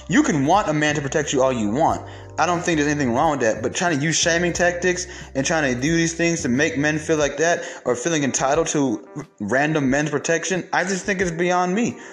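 A man hosting his show in a casual, profane monologue, telling stories animatedly. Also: fairly high pitch. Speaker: show host.

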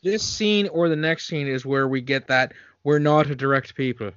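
A man's voice: on the high side, expressive, normal speed, fairly bright tone, smooth, no room sound, dull audio. A man co-hosting a casual movie review chat, joking with sarcastic asides. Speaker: podcast co-host.

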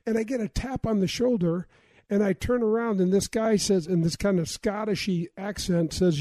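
Excitable high-voiced man in his 60s. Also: normal speed, dry recording. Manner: excited, animated storyteller. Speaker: podcast host, golfer. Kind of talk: casual interview storytelling.

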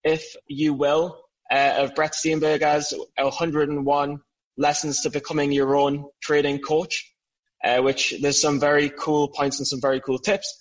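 Young joking podcast host, slightly high. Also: male voice, level tone, a little slow, highs cut off. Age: young adult. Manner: joking, teasing. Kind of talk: casual chat.

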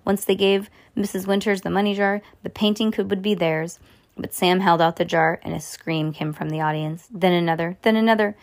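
Reading a children's chapter book aloud, a woman stumbles and goes back over lines, giving the characters lively voices. Her voice is on the low side, and she reads a little fast.

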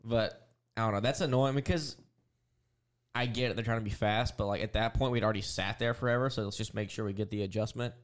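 A man's voice: fairly low pitch, fairly even intonation, fast talker. A man co-hosting a podcast as a race car driver, telling rambling stories in a laid-back, casual way full of fillers. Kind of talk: casual chat.

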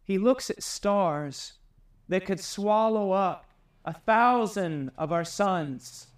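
A man preaching a sermon with passion, climbing high and loud to drive home his points. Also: slow, distant mic. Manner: impassioned, rises high and loud for emphasis.

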